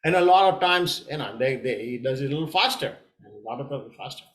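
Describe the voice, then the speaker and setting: A man, a tai chi coach, telling a parable in a gentle storytelling way, with small hesitations. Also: medium pitch, lively intonation, fast talker.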